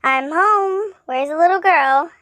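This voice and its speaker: A woman's voice: high voice, animated, moderate pace, dry recording. A woman voicing a happy, sappy, polite male monster in a polka-dot suit, in a cheery, gushing manner, while reading a fanfiction aloud.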